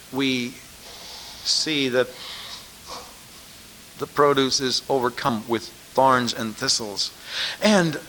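A man's voice: mid-range voice, pushed and bright, slight background noise. A man preaching a sermon, pressing his listeners with emphatic rhetorical questions.

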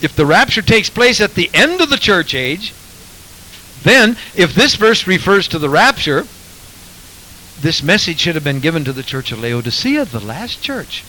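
A man delivers a sermon in a bright, forceful voice pitched a little high. He reads scripture aloud and drives home each point with pointed rhetorical questions. A faint hiss sits under the recording. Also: big pitch swings, moderate pace, poor audio. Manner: emphatic, rhetorical questions, quotes scripture in King James wording. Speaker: preacher.

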